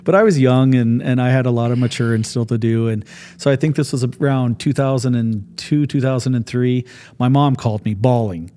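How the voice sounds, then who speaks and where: A man in his forties, talking at a middle pitch, spins funny stories from his past as a podcast guest. He keeps laughing as he tells them, in a loose, casual way. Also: fairly quick. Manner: animated storyteller who laughs through his stories. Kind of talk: casual storytelling chat.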